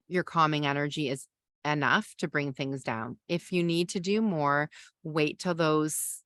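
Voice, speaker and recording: A woman's voice: sits low, unhurried, fairly bright tone. A woman, a parenting coach and podcast host, teaching a masterclass in a conversational way and explaining with everyday examples.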